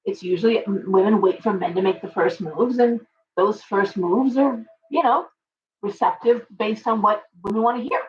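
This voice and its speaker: A middle-aged woman with a medium-pitched voice hosts a tarot live stream, chatting in a loose, rambling way and pausing to greet viewers by name. Seated a little back from the mic, she's recorded from a distance, and the audio is dull and lo-fi.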